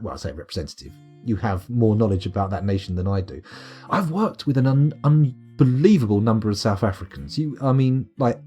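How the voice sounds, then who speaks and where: Guy rambling on stream, lively up and down voice, faint guitar behind. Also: on the low side, slightly rough. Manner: rambling, swearing, reading chat aloud. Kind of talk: casual chat while streaming a game.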